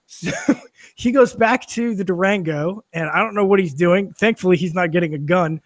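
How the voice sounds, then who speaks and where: On a casual podcast shot in a studio for video, a man with a high-pitched voice tells a long anecdote at normal speed, laughing along the way. The recording is dry, and he's a guest or co-host whose story is full of fillers, restarts and swearing.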